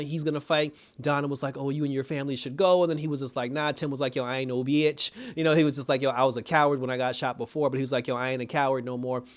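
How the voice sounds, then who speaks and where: A man giving a casual, animated recap of a TV episode, acting out the characters' lines and laughing as he goes. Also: mid-range voice. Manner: animated storytelling, acts out characters' lines, laughs while talking. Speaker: TV episode reviewer.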